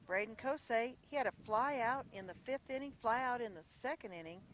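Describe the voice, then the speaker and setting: A live radio play-by-play voice calling a small-town baseball game from a windy outdoor ballpark. The delivery is chatty and folksy, checking details aloud and correcting itself, at a middling pitch. Clear background noise from the open-air field sits under the voice. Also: expressive, brisk, a bit bright. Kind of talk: live radio sports commentary.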